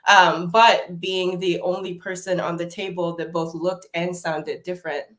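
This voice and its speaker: A woman from Nigeria, a college professor, telling personal stories as a guest in a casual conversation, expressive and lively as she recounts them. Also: on the low side, a little slow. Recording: roomy echo.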